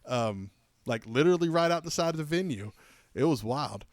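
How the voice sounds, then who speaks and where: A man co-hosting a podcast, telling a long casual story with lots of fillers and lively retellings. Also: a little high, normal speed, dry recording. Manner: animated, rambling anecdote with many fillers. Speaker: podcast co-host.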